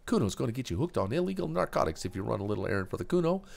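A man's voice: mid-range voice, big pitch swings, racing, creaky, voice pushed up. A man voicing a foul-mouthed, volatile teenage boy drug dealer who talks about himself in the third person, with a strained, worn voice. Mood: aggressive.

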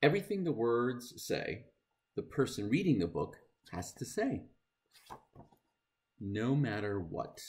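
A middle-aged man reads a children's book aloud to kids in a playful, mock-dismayed voice. His pitch leaps all over the place, and his unhurried delivery keeps breaking into silly nonsense sounds. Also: lively intonation, a little hiss or hum. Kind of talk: animated read-aloud for kids.

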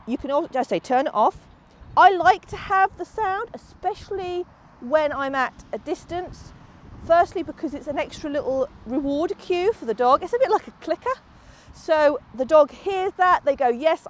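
Woman dog trainer, high animated voice, explaining outdoors with sing-song praise for the dog. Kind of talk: instructional demonstration outdoors. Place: outdoors in a field.

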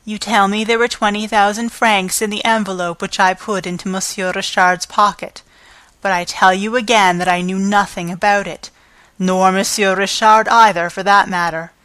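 A woman narrator voicing an indignant old woman with few teeth in an audiobook, her lines shrill and outraged. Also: steady tone, moderate pace, fairly bright tone, no room sound, lightly acted.

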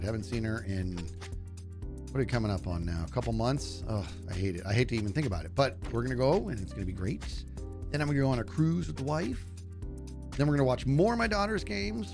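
A middle-aged man streaming live, telling rambling, self-deprecating stories to his chat in a casual way. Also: medium pitch.

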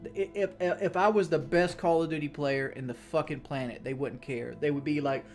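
A man with a slightly high voice unloads his frustrations to a live-stream audience, swearing freely and doubling back mid-sentence as he talks. He rambles in a loose, casual way, answering his chat as he goes. Faint music plays quietly behind him. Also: steady tone, moderate pace. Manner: venting, frustrated, heavy swearing.

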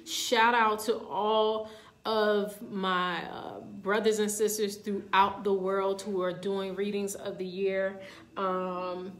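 A woman's voice: medium pitch, level tone, takes it slowly, a bit bright. A woman giving an informal, live-streamed spiritual talk to the camera, speaking straight to her viewers in a chatty way. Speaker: spiritual reader. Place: indoor room. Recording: echoey room, faint background noise.

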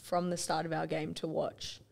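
Low-voiced easygoing woman. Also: completely flat delivery, moderate pace, gravelly, a little mellow. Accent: Australian. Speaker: guest basketball player. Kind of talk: casual chat.

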